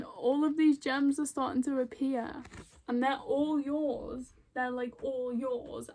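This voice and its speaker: This woman's voice sits high with a darkish tone as she gives a casual spiritual card reading. An intuitive reader, she rambles with fillers, restarts and heartfelt emotion, recorded a bit far from the mic.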